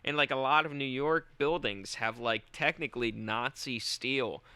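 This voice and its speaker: Bright, crude-joking podcast guy. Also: mid-range voice, moderate pace, smooth, dry recording. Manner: riffing, crude jokes, puts on silly voices. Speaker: podcast co-host. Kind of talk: casual comedic banter.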